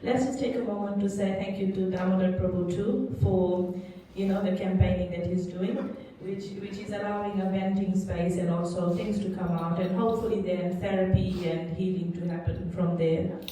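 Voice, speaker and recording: A woman hosting a community event, gently thanking the speaker and making announcements. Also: fairly low pitch, fairly even intonation, normal speed, few pauses. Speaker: event host. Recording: echoey hall, distant mic, faint noise.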